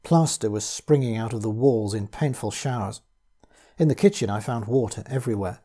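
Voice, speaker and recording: A man reading a first-person horror tale aloud, his delivery measured and grave. His voice is mellow and warm, with a husky grain to it. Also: lowish voice. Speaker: audiobook reader.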